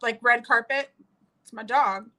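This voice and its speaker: A young woman from New Orleans talks casually while applying makeup, chatty and quick to laugh. Her voice is bright and forceful, sitting a little above average in pitch, with the odd casual swear word. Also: poor audio. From New Orleans, USA. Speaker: streamer doing makeup.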